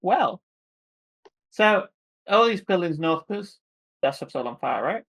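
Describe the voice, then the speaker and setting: A man playing a tabletop game, thinking out loud as he decides his character's moves. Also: high-pitched, lively intonation, gravelly. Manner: slow, thinking aloud, laughs often. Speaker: player. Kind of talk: casual tabletop play.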